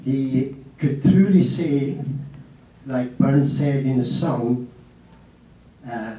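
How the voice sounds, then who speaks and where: A man's voice: mid-range voice, very slow, pauses often, warm tone, a little hiss or hum. A man giving a reflective eulogy, quoting poetry as he says goodbye to a friend. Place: memorial hall. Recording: echoey hall from far off.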